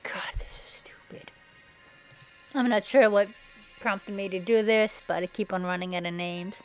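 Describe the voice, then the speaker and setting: A woman giving sarcastic, mocking commentary over a slideshow, now and then breaking into shrill put-on voices. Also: normal speed, low-quality recording. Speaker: video narrator. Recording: faint background music.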